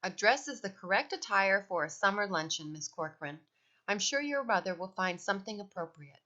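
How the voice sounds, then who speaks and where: A woman voicing a prim, strict etiquette teacher who speaks formally and corrects crisply. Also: mid-range voice, expressive, fairly quick, sharp tone. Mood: stern. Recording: dull lo-fi recording.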